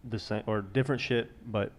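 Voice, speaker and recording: A man's voice: on the low side, steady tone, fairly quick, a little hiss or hum. A young man on a podcast giving blunt, motivating advice and swearing casually. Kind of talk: casual chat.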